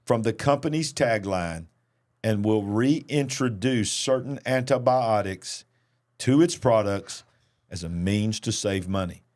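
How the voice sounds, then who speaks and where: A man's voice: fairly low pitch, takes it slowly. A man, a preacher hosting a news commentary show, reading headlines and commenting emphatically. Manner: animated, reads news then comments emphatically. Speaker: host and preacher.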